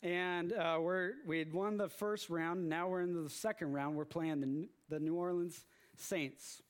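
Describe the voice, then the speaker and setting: Male preacher, high voice, sermon delivery, acts out story scenes with loud exclamations. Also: measured pace. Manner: storytelling with animated acted-out exclamations.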